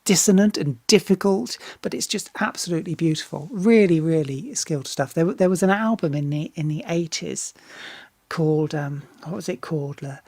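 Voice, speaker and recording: A woman's voice: deep voice, moderate pace, a little mellow, husky, dry recording. A woman singer talking casually as she reacts to a music video, often restarting and repeating words, swearing freely and getting enthusiastic.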